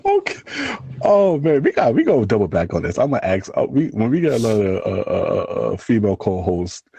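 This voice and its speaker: A man's voice: brisk, creaky, husky, dry recording, lo-fi sound. A man co-hosting a casual podcast, trading crude jokes and breaking into laughter as he teases. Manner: laughing, teasing, lively swings in pitch. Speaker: podcast co-host.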